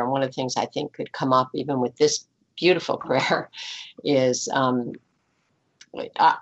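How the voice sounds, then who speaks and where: Very deep-voiced woman minister. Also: highs cut off. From United States. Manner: thoughtful, frequent "you know" fillers. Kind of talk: casual spiritual conversation.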